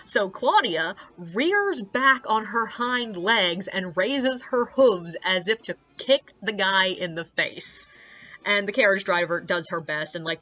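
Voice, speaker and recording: A young woman working as a tour guide tells anecdotes in a casual storytelling vlog, her medium-pitched voice pushed and bright. She's chatty and relaxed, scattering likes, uhs, and swear words throughout, and the sound is lo-fi.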